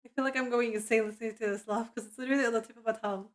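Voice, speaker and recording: Brief: sleep-deprived woman streamer, a touch high-pitched, drowsy mutters and sudden giggles. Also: steady tone, racing. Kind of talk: casual live-stream chatter.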